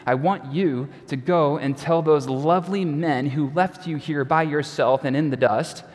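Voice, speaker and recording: A man voicing Jesus as a calm teacher giving instructions, retold in a plain, earnest way. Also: a little high, unhurried, natural voice. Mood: gentle, earnest. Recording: long reverb of a large hall.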